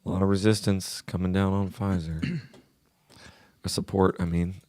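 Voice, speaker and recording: A man with a cold co-hosting a live trading stream, laid-back and hoarse, often clearing his throat. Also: low-pitched, level tone, unhurried, a little mellow, no echo. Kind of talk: casual live-stream chat.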